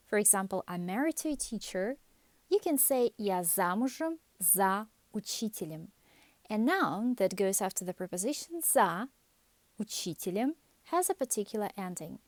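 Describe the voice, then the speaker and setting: A woman reading a scripted beginner language lesson, calmly explaining grammar rules and example phrases. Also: mid-range voice, dry recording. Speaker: language teacher.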